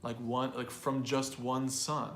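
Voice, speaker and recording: A man's voice: medium pitch, flat delivery, slow pace, a bit bright, roomy sound, slight background noise. A man teaching an online English pronunciation class. He explains in a talkative way and often repeats or restarts words.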